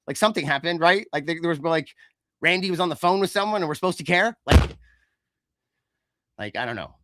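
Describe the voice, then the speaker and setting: A man with a high-pitched voice rants with animated sarcasm as a podcast co-host. His delivery is dry and close, with no room sound around it. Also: a little fast, no echo. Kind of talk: casual chat.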